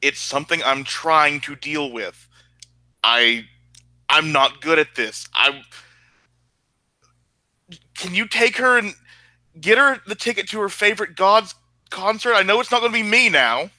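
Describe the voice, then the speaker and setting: A man's voice: sits high, animated, unhurried, pauses often, sharp tone, no echo. A man playing in a tabletop game, stammering and flustered as he speaks in character. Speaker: player. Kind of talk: tabletop role-play.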